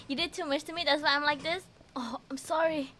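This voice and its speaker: A woman's voice: sits high, fairly even intonation, brisk, sharp tone, slight background noise. A woman streaming a game, giggling often and chatting with her viewers as she plays. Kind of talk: casual gameplay commentary.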